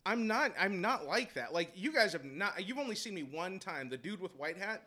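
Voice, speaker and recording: A man telling a heated story about coaching basketball, animated and profane, laughing as he goes. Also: sits high, normal speed. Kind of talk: casual storytelling chat.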